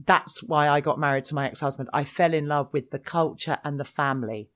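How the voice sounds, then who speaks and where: Woman hosting a podcast, kinda low voice, chatty, laughs a lot. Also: a little fast, fairly bright tone. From North London. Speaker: podcast host. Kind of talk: casual podcast chat.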